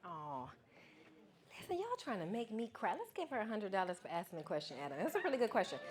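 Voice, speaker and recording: A woman's voice: mid-range voice, quick pace. Woman keynote speaker on a handheld mic, chatty and playful with the kids in the hall. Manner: lively, playful, calls on the crowd. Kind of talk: casual speech to a student audience. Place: event hall with an audience.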